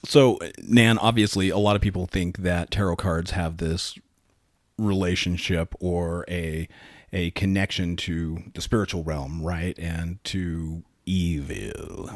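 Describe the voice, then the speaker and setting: A man's voice: low-pitched, little pitch movement, measured pace, no room sound, clean studio sound. A man co-hosting a casual podcast, asking curious follow-up questions with a joking streak. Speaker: podcast co-host.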